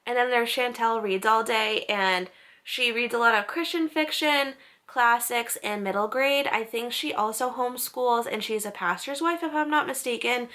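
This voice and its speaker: Young woman, book vlogger, chatty and upbeat, bright tone, higher voice. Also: normal speed. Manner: chatty, upbeat, unsure of name pronunciations. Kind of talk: casual recommendation list.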